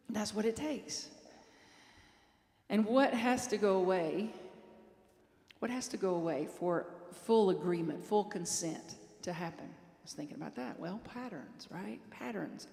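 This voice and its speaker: A woman minister giving a chatty Sunday talk to her congregation, storytelling with light laughs. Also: medium pitch. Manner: warm conversational storytelling with laughs. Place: large hall with congregation. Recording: echoey hall reverb.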